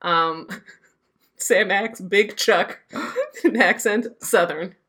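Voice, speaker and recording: A woman co-hosting a podcast in casual chat, animated and joking, often laughing. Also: mid-range voice, very slow, husky. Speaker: podcast co-host.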